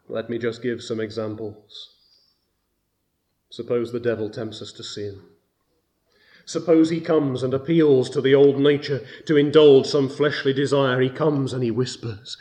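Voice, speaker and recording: A man preaching a sermon, slow and deliberate, rising to loud emphatic bursts on key words. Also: mid-range voice.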